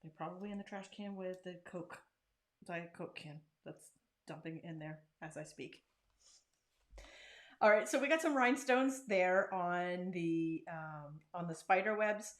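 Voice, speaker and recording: Craft channel host, woman, lowish voice, chatty and self-deprecating, casual tutorial. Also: measured pace. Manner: chatty and self-deprecating, talks while working.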